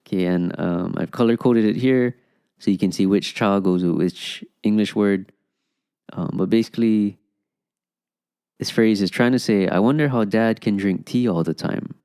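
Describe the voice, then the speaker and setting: A man's voice: lowish voice, moderate pace, mellow, smooth, no echo, clean studio sound. A man teaching a language lesson, explaining patiently and often starting with "okay" and "um". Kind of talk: explaining an Okinawan phrase lesson.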